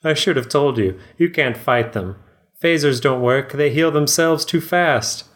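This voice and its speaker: A man voicing a calm, knowing male archaeologist with slow, measured delivery. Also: on the high side, pitched above the performer's own voice. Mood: earnest.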